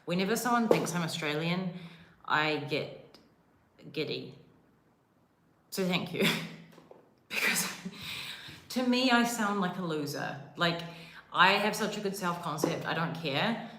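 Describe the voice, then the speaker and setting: A woman's voice: on the low side, lively intonation, takes it slowly, long pauses, echoey room, noisy background. A young woman with a New Zealand accent chatting casually on a live stream, rambling and self-deprecating with lots of "like" fillers. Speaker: livestreamer. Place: rented villa room, indoors.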